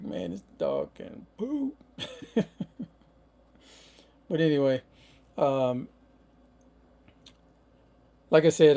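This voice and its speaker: Gravelly laid-back middle-aged man. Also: mid-range voice, mellow. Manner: rambling, laid-back, many fillers. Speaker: van-life livestream host. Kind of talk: casual livestream chat.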